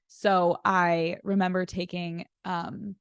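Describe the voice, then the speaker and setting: Podcast guest: woman, chatty storyteller, slightly low voice, dry close studio sound. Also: little pitch movement, takes it slowly, clean tone, no echo. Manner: chatty storyteller with frequent "like" fillers. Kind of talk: casual chat.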